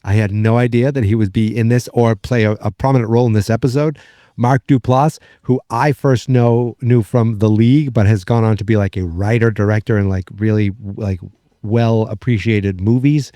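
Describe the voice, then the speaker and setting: Low, mellow New England man recapping. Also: normal speed, no echo. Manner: rambling, excitable, lots of fillers and restarts. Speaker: podcast host. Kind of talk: casual episode recap.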